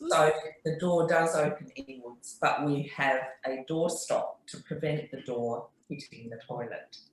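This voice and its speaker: Low-voiced woman, echoey room. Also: measured pace. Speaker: podcast co-host. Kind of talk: casual group chat.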